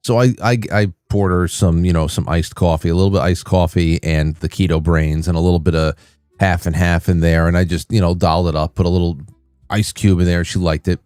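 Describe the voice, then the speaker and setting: A male livestream host with a fairly low voice tells a rambling story, full of restarts and animated asides. His voice sounds close and dry, with faint music underneath. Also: a little fast, smooth, dry recording. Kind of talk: casual chat and storytelling.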